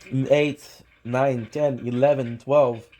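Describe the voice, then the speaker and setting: A man's voice: medium pitch, fairly even intonation, takes it slowly, warm tone, dull audio. A man streaming live, chatting casually and rambling, often talking to himself and swearing offhand.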